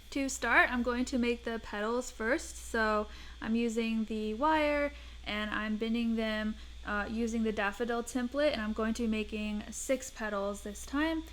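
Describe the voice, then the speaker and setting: A woman's voice: fairly high pitch, a bit bright. A young woman hosting a craft tutorial, talking through each step in a chatty, self-deprecating voice-over.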